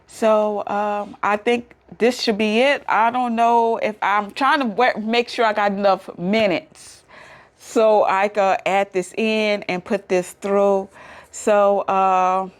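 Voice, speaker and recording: A woman's voice: mid-range voice, steady tone, slow pace. Chatty woman vlogger with AAVE. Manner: chatty, emotional, laughs easily. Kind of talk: casual talk to camera.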